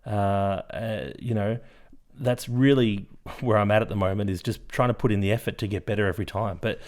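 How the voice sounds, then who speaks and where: Low-voiced man, podcast co-host, relaxed rambling explainer. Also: brisk. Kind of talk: casual chat.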